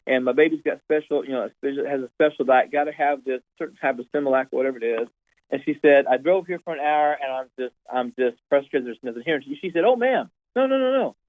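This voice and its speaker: A man, a pastor, telling an animated story in casual conversation, often repeating his words. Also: mid-range voice, fast, no room sound. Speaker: pastor, guest. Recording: tinny phone-like line, dry.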